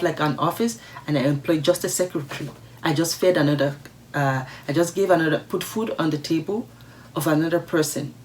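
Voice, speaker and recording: A woman's voice: deep voice, slight background noise. A woman vlogger reading viewer letters aloud and commenting on them in a casual, emphatic, outspoken way, repeating her points for stress.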